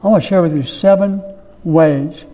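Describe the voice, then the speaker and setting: A pastor delivering a sermon, preaching slowly and emphatically, repeating key phrases. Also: male voice, fairly high pitch, dark tone, long reverb tail.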